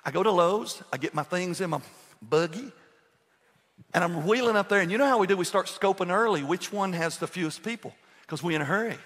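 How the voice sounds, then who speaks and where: Animated older male preacher in a reverberant church. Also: sits high, a little fast. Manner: animated humorous storytelling, quizzing the congregation. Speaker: pastor. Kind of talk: sermon. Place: church sanctuary. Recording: long reverb of a large church hall.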